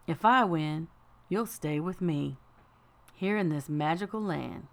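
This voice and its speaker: A woman voicing a well-spoken male trickster rabbit with a smooth, unhurried Southern accent in an audiobook. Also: sits low, exaggerated voice. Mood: silky, persuasive. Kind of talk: audiobook character voice.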